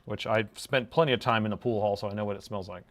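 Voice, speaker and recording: Working on a laptop repair, a middle-aged man talks fast in a lowish, steady voice. He gives live commentary, thinking aloud as he measures, and his laid-back drawl keeps adding "man" to the end of his lines.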